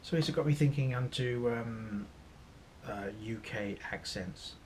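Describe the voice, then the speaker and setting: A man's voice: mid-range voice, unhurried, a little mellow, slight background noise. A man from Norfolk, England with an East Anglian accent, chatting casually in a vlog and rambling a little as he mocks himself. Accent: East Anglian English. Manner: rambling, self-mocking, trying out accents. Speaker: vlogger. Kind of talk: casual chat.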